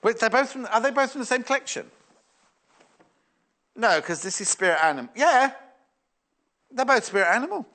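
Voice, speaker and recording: A man's voice: very high voice, big pitch swings, normal speed, pauses often, pushed and bright. A man presenting fabrics on a live shopping channel, chatting and musing aloud as he reads out viewer messages. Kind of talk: live sales demonstration.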